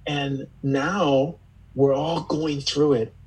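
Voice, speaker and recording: A man's voice: a little high, steady tone, drawn-out words, slightly rough, poor audio. A man speaking as a guest in a reflective conversation, earnest and searching, often repeating words as he gathers his thoughts. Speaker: podcast guest.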